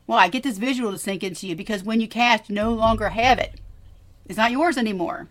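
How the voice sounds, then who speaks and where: A woman's voice: a little high, fairly quick. Woman on a faith podcast, earnest and encouraging, repeats stuff for emphasis. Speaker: podcast co-host.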